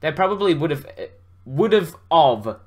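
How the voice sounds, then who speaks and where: A man's voice: on the high side, animated, measured pace, darkish tone. Man reading as a hotheaded young hero. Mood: alarmed.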